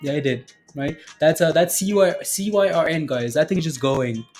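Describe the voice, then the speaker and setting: A man's voice: fairly high pitch, normal speed, darkish tone, faint music behind. A man hosting a live stock trading stream, chatting casually with viewers, often laughing and repeating himself. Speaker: stock trading livestream host.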